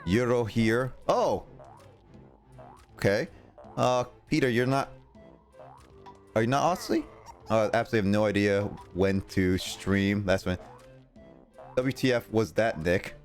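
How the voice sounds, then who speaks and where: A young man with a fairly low voice chats loosely through a game stream. He rambles, reads viewer messages out loud and laughs often. Faint game music plays under him. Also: a little slow, pauses often. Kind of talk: casual live-stream chat while gaming.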